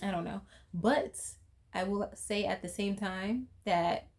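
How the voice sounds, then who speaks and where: A woman's voice: medium pitch, takes it slowly, a little mellow. A young woman, chatting casually in commentary, full of asides, fillers and laughs. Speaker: reality TV commentary vlogger.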